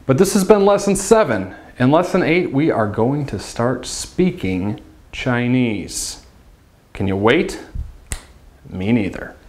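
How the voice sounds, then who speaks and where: A man's voice: medium pitch, big pitch swings, slow pace, darkish tone. A man teaching Mandarin pronunciation in a video lesson, patiently repeating syllables with exaggerated tones and adding playful asides.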